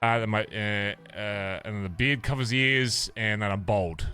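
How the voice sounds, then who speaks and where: A young Australian livestreamer, speaking with an Australian accent, chats casually with his stream viewers, animated, swearing and ranting playfully. His voice is lowish and his speed normal, with soft background music.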